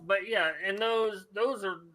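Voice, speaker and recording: A man's voice: high voice, steady tone, a little slow, pushed and bright, low-quality recording. A man hosting a talk radio show, rambling and profane, with lots of restarts and fillers. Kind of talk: casual crude talk radio banter.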